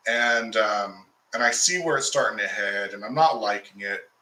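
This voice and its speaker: Man, rambling storyteller, bright tense voice, roomy echo. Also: fairly low pitch, normal speed. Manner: rambling, restarts, heated when recounting conflict. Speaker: occultist host. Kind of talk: casual storytelling to viewers.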